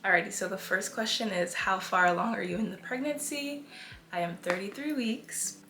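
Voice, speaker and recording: A woman's voice: mid-range voice, bright, forceful tone, reverberant, slight background noise. Breathless young woman vlogging. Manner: chatty, with long pauses. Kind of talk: casual vlog chat.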